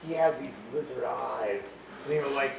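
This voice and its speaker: A man narrating a tabletop game as game master, storytelling with lots of fillers and sudden shouts. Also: medium pitch, measured pace, gravelly, over a noisy crowd. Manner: animated storytelling with many fillers, bursts into shouts. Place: home room. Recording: echoey room, far from mic, noisy.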